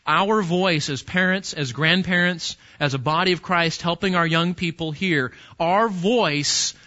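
A male pastor preaching an animated sermon and talking straight to his listeners. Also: high voice, unhurried. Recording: dull lo-fi recording.

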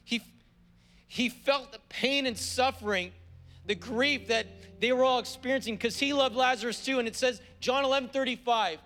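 A pastor delivers a church sermon in a notably high male voice, hammering home his points by repeating phrases. When he reads scripture aloud he slows right down. A soft instrumental plays faintly underneath. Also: faint music behind. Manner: emphatic preaching with repeated phrases for emphasis. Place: church service.

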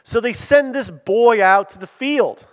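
A man preaching a sermon in a conversational, animated storytelling manner, in a church hall. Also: very high-pitched, unhurried. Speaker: pastor. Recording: long hall reverb.

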